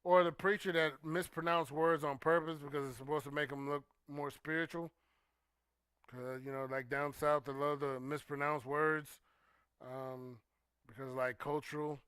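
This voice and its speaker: A man hosting a relaxed livestream talk show who greets viewers and reads their comments, talking loosely with plenty of "you know" and "um". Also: fairly high pitch, normal speed, clear, resonant tone, no room sound. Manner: relaxed and conversational, with frequent "you know" and "um", trailing off quietly. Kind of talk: casual chat, reading and answering viewer comments.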